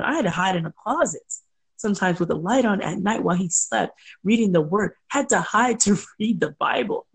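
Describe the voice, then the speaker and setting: A middle-aged woman recounts her life as a guest in an interview, her voice carrying a gravelly rasp. She tells her stories with animation, laughs often and slips into the voices of the people she quotes. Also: lowish voice, a little fast. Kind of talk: conversational interview storytelling.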